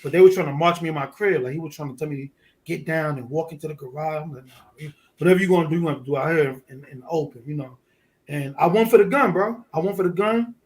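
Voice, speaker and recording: A man from Brooklyn, a podcast guest telling a profane street story in a lively, animated way. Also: fairly high pitch, quick pace. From Fort Greene, Brooklyn. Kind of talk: casual storytelling.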